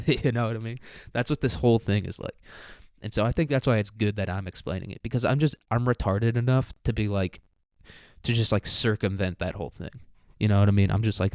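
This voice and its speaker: A young man with a low, smooth voice hosting a loose solo podcast. He rambles through his points, swears freely and drops joking asides. The sound is dry and close on the mic. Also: steady tone, fairly quick, darkish tone, dry recording. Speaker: podcast host. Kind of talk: casual solo podcast monologue.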